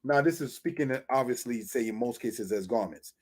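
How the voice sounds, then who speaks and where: A man's voice: mid-range voice, lively intonation, normal speed, darkish tone, slightly rough. A man teaching a Bible Hebrew lesson over slides, addressing viewers as brothers and sisters, explaining words step by step.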